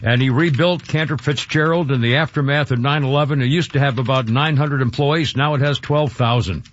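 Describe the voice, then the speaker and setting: A man's voice: mid-range voice, fairly quick, muffled recording. A man hosting a talk radio show, emotional and rambling, often choked up and restarting his sentences.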